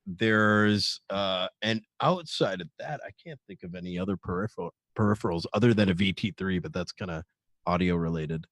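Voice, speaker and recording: A man's voice: low-pitched, normal speed, a bit bright, no room sound. A man talking in a casual panel chat, hesitant with many fillers and restarts. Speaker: streamer panelist.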